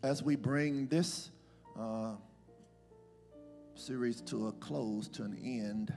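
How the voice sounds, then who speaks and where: Male pastor with a gravelly voice preaching a sermon, long hall reverb, clear music behind. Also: medium pitch, takes it slowly, warm tone. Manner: calls on congregation to repeat words. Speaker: senior pastor. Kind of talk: sermon with scripture reading. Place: church sanctuary.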